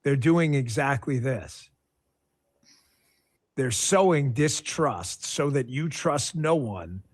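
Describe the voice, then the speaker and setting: A man giving emphatic, animated podcast commentary as a political host, full of asides. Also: mid-range voice, takes it slowly, slightly rough.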